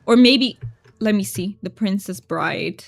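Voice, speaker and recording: In a dry recording, a woman with a medium-pitched voice and some vocal fry speaks a little slowly as she streams a cozy game. She is chatty and giggly, chatting casually with her viewers and reading their messages aloud.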